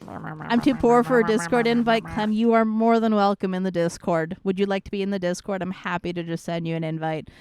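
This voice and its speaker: A woman's voice: medium pitch, fairly even intonation, a little fast, a little mellow. A woman streamer in casual chat, greeting viewers one by one in a bubbly, playful way.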